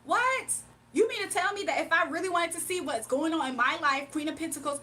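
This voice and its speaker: A woman's voice: very high voice, brisk, pushed and bright. A woman hosting a casual livestream, sassy and exasperated as she answers chat comments. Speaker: livestream host reading chat.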